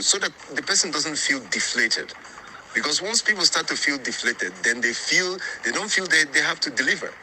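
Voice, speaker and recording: A man's voice: medium pitch, bright, forceful tone, low-quality recording. A man speaking earnestly and conciliatorily to a group, often repeating himself as he explains how to work together. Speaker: group organizer. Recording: faint background noise.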